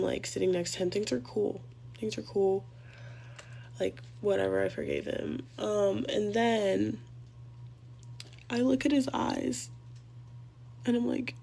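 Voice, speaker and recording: A woman's voice: mid-range voice, creaky, a little mellow, a little hiss or hum. A young woman telling a rambling, profane story in a casual vlog.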